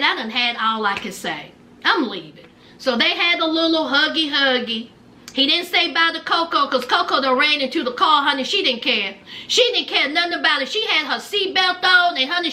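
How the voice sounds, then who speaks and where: A woman's voice: extremely high pitch, pushed and bright. A woman giving a sassy, chatty recap of a reality TV show. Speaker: TV recap host.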